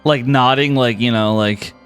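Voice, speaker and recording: A man narrating as game master in a tabletop game, relaxed and full of fillers. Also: medium pitch, moderate pace, over music.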